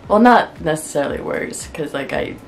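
A woman with a fairly low voice talks casually to camera about her crafts. She sounds unwell and worn out, rambling in a wry, frustrated way and laughing through her complaints. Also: animated, normal speed, vocal fry, faint music behind. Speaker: clay crafting vlogger.

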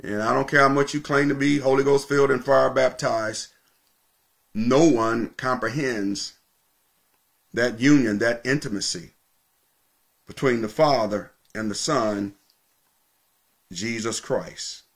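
Male pastor, sermon, emphatic, repeats key phrases, slows for stress, mid-pitched voice. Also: gravelly.

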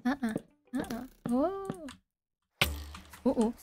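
A young woman giving casual, excitable let's-play commentary, giggling and talking to herself as she plays. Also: high voice, slow pace, over music. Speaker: gaming video creator.

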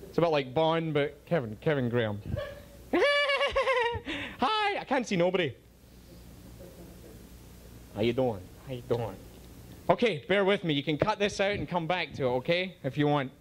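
A man with a put-on Scottish accent doing a loud, playful stand-up routine. He jumps between high shouts and low asides. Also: very animated, moderate pace, pauses often, a little hiss or hum. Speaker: stand-up comedian.

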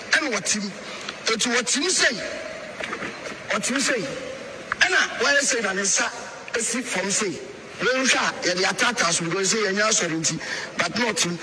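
A Ghanaian-accented pastor tells a story with animated energy, acting out each scene. His voice sits high for a man. Steady noise runs behind him throughout. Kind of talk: recounting an event in an interview. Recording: noisy recording.

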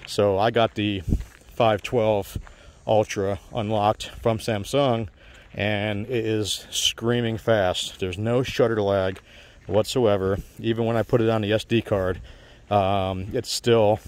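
A man's voice: on the low side, level tone, takes it slowly, a little mellow. A man casually explaining phone tech to viewers, rambling with many fillers and restarts. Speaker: channel host giving phone advice.

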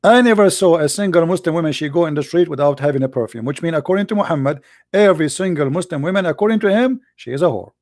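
A man's voice: a little high, animated, fast, darkish tone, no room sound, studio quality. An English speaker who hosts a debate show and argues combatively and sarcastically in broken English, restarting his phrases often. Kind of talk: heated religious debate.

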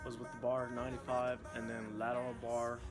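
A man in casual chat to the camera, recapping his gym workout in a relaxed, offhand way. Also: mid-range voice, a little fast. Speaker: vlogger. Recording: loud gym music behind.

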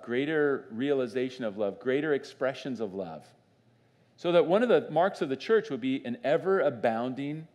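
Man preaching, conversational and animated, mid-pitched voice, church sermon. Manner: animated and conversational, with restarts and laughs. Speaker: pastor.

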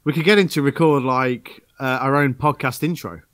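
A man's voice: mid-range voice, steady tone, normal speed, fairly bright tone, no echo. A man hosting a podcast in casual chat, full of upbeat banter, laughs and stammered restarts. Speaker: podcast host.

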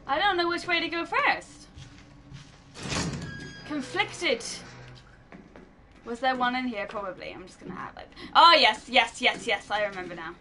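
A woman's voice: fairly high pitch, lively intonation, normal speed, pauses often, pushed and bright, soft background music. A young woman giving horror game commentary, jumpy, muttering to herself and then bursting into shrieks. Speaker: gaming YouTuber.

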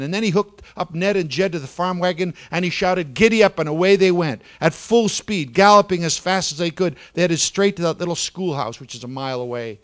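During a church service, a man with a fairly high voice tells a children's story dramatically. He shifts between hushed and louder passages and slows down for effect.

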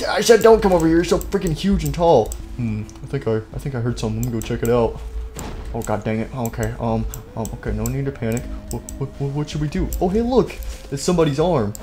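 A man hosting a gaming video, playing out a goofy war scene with hushed sneaking and sudden panicked yelps. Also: medium pitch, quick pace. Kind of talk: playful role-play commentary over a game.

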